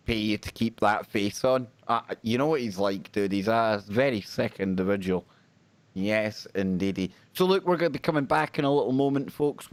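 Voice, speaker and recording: A man hosting a talk show about ghost stories. He jokes and chats with lots of energy, moving between banter and storytelling. The voice is mid-pitched and sits very dry and close. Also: dry recording. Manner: chatty, jokey, energetic banter. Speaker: radio and stream host. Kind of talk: casual paranormal talk show.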